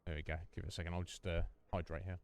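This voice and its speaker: Chatting over gameplay on a casual livestream, this man jokes and rambles with his viewers as host. He has a low, smooth voice, keeps a level tone, and speaks very fast.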